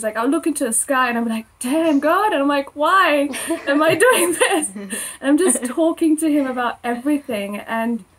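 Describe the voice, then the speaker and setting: A young woman with an Australian accent and a slightly husky, higher voice, chatting casually on a podcast. She tells personal stories about her faith in a relaxed, talkative way and laughs often. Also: low-quality recording. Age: young adult. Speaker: podcast co-host.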